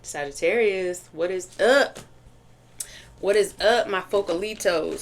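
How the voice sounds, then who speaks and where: A woman doing a casual tarot reading to camera, talking chattily and excitedly, with lots of restarts and fillers. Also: medium pitch, takes it slowly. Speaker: tarot reader.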